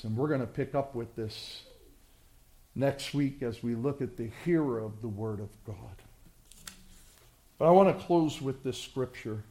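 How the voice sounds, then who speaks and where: A male pastor preaching a sermon with passion, swinging from loud surges to hushed, drawn-out words. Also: medium pitch.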